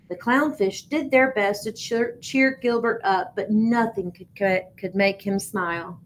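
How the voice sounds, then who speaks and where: A woman teacher reading a picture book aloud, expressive but now and then stumbling and repeating words. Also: mid-range voice, measured pace, few pauses, a little hiss or hum, low-quality recording.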